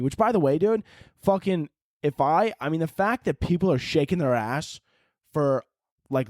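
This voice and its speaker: A young man hosts a podcast and rants casually, profane and animated, rambling with lots of swearing and restarts. His voice sits high, captured in a dry, clean studio recording.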